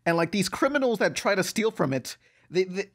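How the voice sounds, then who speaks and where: Rambling, swearing podcast host. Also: male voice, high-pitched, expressive. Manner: rambling, profane, quick asides. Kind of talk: casual chat.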